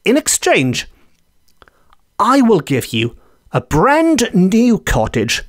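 A man voicing an impatient, snarling male devil in a folk tale, lowering and slowing his voice. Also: wildly swooping pitch, no echo, clean studio sound, exaggerated voice. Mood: menacing.

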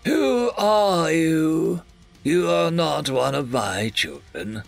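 A man's voice: a little high, sing-song, moderate pace, creaky, fairly bright tone, soft background music, full character voice. A man voicing an old, sly human housekeeper who mocks a visitor in a storybook reading. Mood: puzzled. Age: older.

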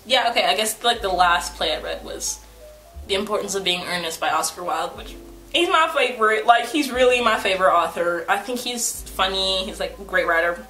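A woman's voice: medium pitch, fairly quick, bright, forceful tone. A young woman chatting to camera about books, rambling with many fillers and playfully teasing herself. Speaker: book vlogger. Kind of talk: casual chat to camera. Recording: roomy echo, faint background music.

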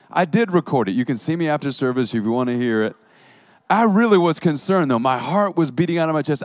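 A man preaching a sermon as a pastor, telling a story vividly with dramatic swings between hush and intensity. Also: a little high, expressive, fairly quick, no echo, studio quality.

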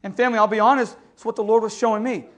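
A pastor delivering an impassioned sermon in a church, moving between loud exhortation and hushed storytelling and often asking his listeners for an amen. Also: high voice, steady tone, racing. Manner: calls listeners "family" and keeps asking "amen?". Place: church sanctuary.

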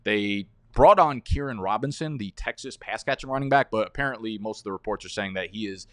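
A man's voice: lowish voice, brisk, no echo, studio quality. A man giving fantasy football rankings in a casual, blunt way, rattling off stats and sometimes stammering. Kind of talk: casual opinionated rankings rundown.

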